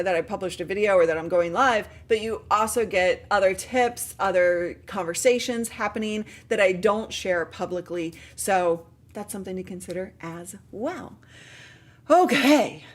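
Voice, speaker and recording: A woman with a fairly high voice hosts a casual live Q&A stream. She sounds tired yet stays chatty and upbeat, laughing often and drifting into fillers as she talks. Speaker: livestream host.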